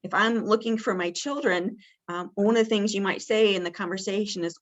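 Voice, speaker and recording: Over dull audio, a woman at medium pitch talks a little fast as she presents an interactive training session on communicating with people with dementia. She keeps things casual and warm with many fillers. When acting out what a caregiver might say, her voice turns bright and lifted.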